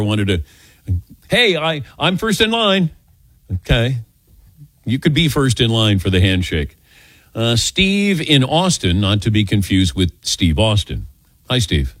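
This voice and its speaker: Older male radio host, self-deprecating storyteller, animated delivery, dry close mic. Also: fairly low pitch, moderate pace, no echo. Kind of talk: call-in radio chat.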